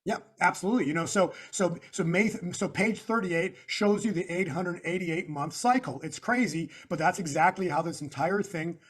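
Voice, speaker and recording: A man with a somewhat high voice speaks as an interview guest. He explains slides point by point, stressing words and circling back to the same phrases in an emphatic, preacher-like way. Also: moderate pace, few pauses. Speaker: guest analyst. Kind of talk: interview walking through slides.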